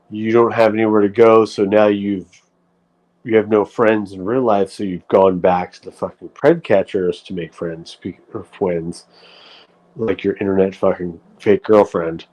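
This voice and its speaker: A man's voice: lowish voice, fairly even intonation, unhurried, darkish tone, rough recording. A man hosting a livestream, talking in a rambling, profane way with frequent restarts. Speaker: livestream host. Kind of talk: casual livestream rant.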